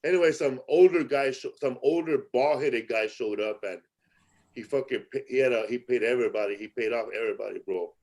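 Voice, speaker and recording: A man's voice: medium pitch, fairly quick, a little mellow, low-quality recording. A man hosting a podcast, telling stories in casual street slang, swearing and acting out angry quotes. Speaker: podcast host. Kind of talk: casual storytelling chat.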